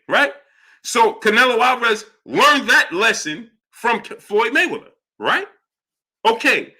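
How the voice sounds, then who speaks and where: Sitting high in pitch with a sharp edge, this middle-aged boxing talk show host runs a live stream. Reading through super chat messages as he comments, he keeps repeating himself in exasperation.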